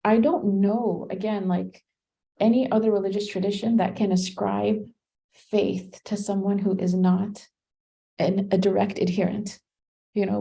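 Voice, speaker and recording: A woman's voice: medium pitch, creaky, mellow, poor audio. A woman teaching a Qur'an study class, explaining commentary in a conversational way and thinking aloud with fillers and restarts. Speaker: religious teacher.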